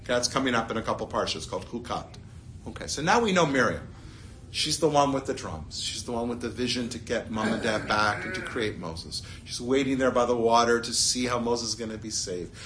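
A man teaching a Torah lesson in a lively way, full of rhetorical questions and playful asides. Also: mid-range voice, a little fast, slight background noise. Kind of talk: animated classroom Torah lesson.

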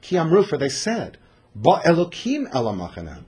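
Animated, wry male scripture teacher. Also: on the high side, normal speed, breathy edge. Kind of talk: Bible class lecture.

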